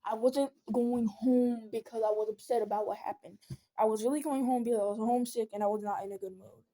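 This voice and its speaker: A woman's voice: a little high, steady tone, a little fast, dark tone. A young woman venting in a casual storytime vlog, rambling with many fillers and restarts. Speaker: vlogger.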